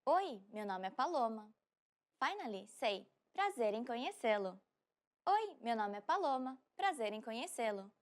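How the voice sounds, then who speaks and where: High-voiced woman hosting a language lesson. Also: big pitch swings. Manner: upbeat, clear, slows down for repetition. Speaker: language teacher host.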